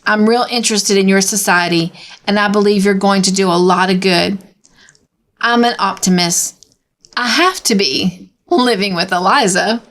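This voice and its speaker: A meek but cheerful older woman, as a woman storyteller reads her, firmly insisting on the bright side. She is given a plain, mid-pitched reading voice in a storybook telling. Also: moderate pace, natural voice. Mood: hopeful. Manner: firm, hopeful. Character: cheerful, optimistic older woman, timid sister.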